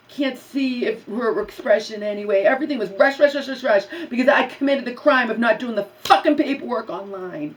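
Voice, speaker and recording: A woman's voice: fairly high pitch, fairly quick, distant mic, poor audio. A woman vlogger in an angry personal rant about a bad day, agitated, swearing and repeating herself.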